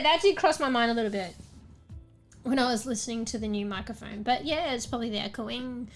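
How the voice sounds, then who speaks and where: Australian woman streamer, young, rambling and swearing, slightly high, close mic. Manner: rambling, swears casually, laughs often. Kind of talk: casual livestream chat. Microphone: new desk microphone, close.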